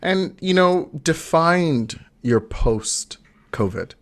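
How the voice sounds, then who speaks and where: A man's voice: on the high side, expressive, very slow. A man co-hosting a life coaching podcast, talking supportively in casual chat. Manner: supportive, lots of short agreeing replies.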